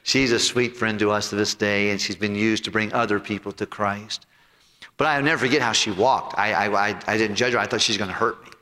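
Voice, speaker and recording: A male pastor preaching a sermon and telling a personal story in earnest, sinking low and soft when he quotes people. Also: steady tone, fairly quick. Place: church sanctuary. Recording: long hall reverb.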